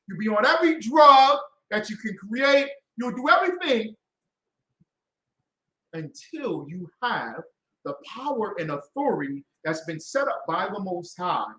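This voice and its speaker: Fired up preacher guy, highish voice swinging all over, mocking and yelling, echoey room. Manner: heated, mocking, acts out voices, bursts into shouts. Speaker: street preacher. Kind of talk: confrontational street sermon.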